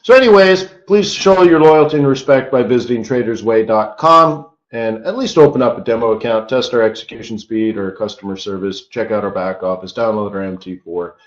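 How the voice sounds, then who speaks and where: A man's voice: lowish voice, reverberant, highs cut off. Chatty tired man hosting a trading stream. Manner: chatty and rambling, with quick rote disclaimers. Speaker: forex market strategist hosting a live trading stream. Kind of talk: casual live-stream teaching talk.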